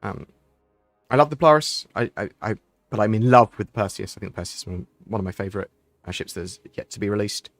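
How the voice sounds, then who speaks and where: A man's voice: lowish voice, animated, fairly quick, dry recording, faint music behind. Man, livestream host, casual chat, rambling with ums, dry close mic. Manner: rambling, chatty, restarts often with ums.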